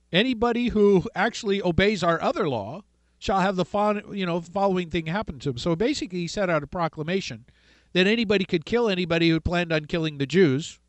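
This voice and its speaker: Animated high-voiced male radio host. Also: no echo. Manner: animated, retells stories acting out voices. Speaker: radio talk show host. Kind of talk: call-in radio talk, storytelling.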